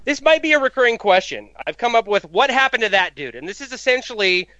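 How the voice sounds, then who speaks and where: A man's voice: extremely high pitch, very animated, fast talker, bright, forceful tone, dry recording, muffled recording. A man hosting a casual film podcast, joking and swearing offhandedly as he steers the talk. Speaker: podcast host.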